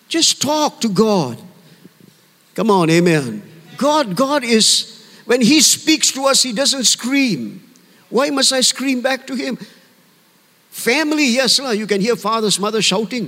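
A man's voice: high voice, animated, a little slow, pauses often, fairly bright tone. A man pastor giving an earnest, conversational sermon to a church, often calling for amen. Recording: long hall reverb.

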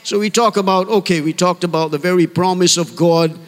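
A man preaches to his congregation in a high, ringing voice, speaking earnestly and personally and often calling out for amen. The sound carries a long hall reverb, as in a large church. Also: a little fast. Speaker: pastor. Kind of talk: sermon.

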